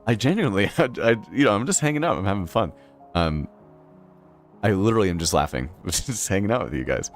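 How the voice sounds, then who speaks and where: A man from Boston with a Boston accent, chatting casually on a game live stream, rambling with lots of fillers and frequent laughs. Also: deep voice. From Boston, Massachusetts. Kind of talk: casual live-stream chat while playing.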